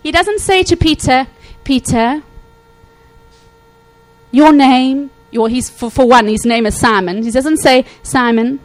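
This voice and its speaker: A woman preaching a sermon to her congregation, animated, acting out Bible quotes and checking in often with her listeners. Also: sits high, normal speed, few pauses, poor audio. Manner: animated, acts out quotes, frequent "okay?" check-ins.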